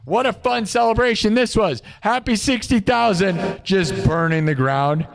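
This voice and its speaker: A man's voice: high voice, measured pace, gravelly, big-room sound. A man hosting a live music stream, hyping up his viewers with chanted pep talk and jabs at his haters.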